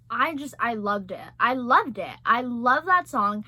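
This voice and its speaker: A young woman chatting casually as a vlogger, gushing and excitable, swearing freely. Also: on the high side, measured pace, dry recording. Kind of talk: casual chat.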